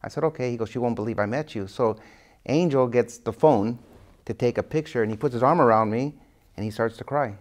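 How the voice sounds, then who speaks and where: A man's voice: medium pitch, brisk. A man being interviewed as an author, telling stories animatedly and acting out the dialogue he quotes. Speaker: guest author. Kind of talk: interview storytelling.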